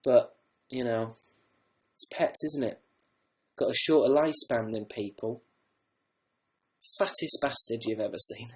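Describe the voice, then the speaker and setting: A young man with a softened northern English accent chats loosely on a livestream. He rambles through viewer comments and drops casual swear words as he goes. His pitch sits in an ordinary middle range. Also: measured pace, long pauses. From northern England. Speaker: livestream host.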